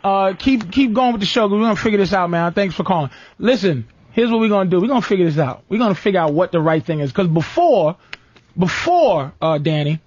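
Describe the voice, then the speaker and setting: A man hosting a comedy podcast, telling stories in a profane, animated rant. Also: high-pitched, fast talker, breathy edge, no echo. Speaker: podcast host. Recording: dull lo-fi dry sound.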